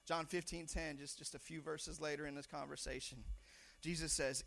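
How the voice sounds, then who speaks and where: A young man preaching a sermon in a church, talking conversationally, stumbling over repeated words and now and then shouting lines for emphasis. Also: on the high side, little pitch movement, normal speed, vocal fry. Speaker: pastor.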